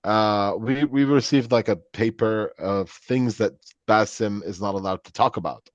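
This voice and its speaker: A man's voice: on the low side, unhurried, dry recording. Man telling stories in a dry lo-fi recording. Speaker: guest comedian. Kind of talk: casual chat. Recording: dry, dull lo-fi sound.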